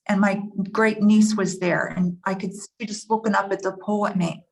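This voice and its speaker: A woman at a church forum sharing a personal story, earnest and shaken, pausing often with fillers. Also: medium pitch, steady tone, gravelly.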